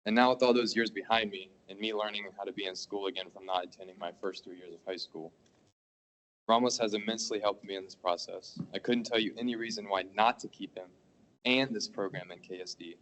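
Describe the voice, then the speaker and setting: A teenage high school student speaks earnestly at a school board meeting. His voice is fairly low, and he often stumbles and restarts his sentences. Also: steady tone, brisk, a bit bright, low-quality recording. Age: teens. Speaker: student giving public comment. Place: meeting hall.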